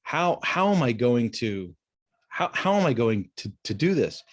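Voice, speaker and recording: A man's voice: mid-range voice, very animated, a little slow. Chatty man telling a sales story. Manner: chatty storytelling, lots of restarts. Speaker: business podcast host. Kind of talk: casual talk to camera. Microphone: video call recording.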